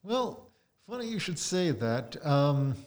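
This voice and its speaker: A man's voice: fairly high pitch, sing-song, slow pace, darkish tone. An American man with a Midwestern accent, chatting as a podcast guest in a dry, self-deprecating way. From United States. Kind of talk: casual chat.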